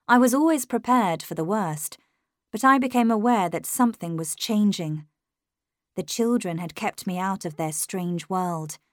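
Slow, measured woman storyteller. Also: on the low side, no echo, studio quality. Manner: measured, clear first-person storytelling. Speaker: narrator. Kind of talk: storybook reading.

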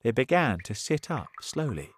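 A man reading a children's story aloud as narrator, very expressive and dramatic. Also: mid-range voice, normal speed, slightly rough.

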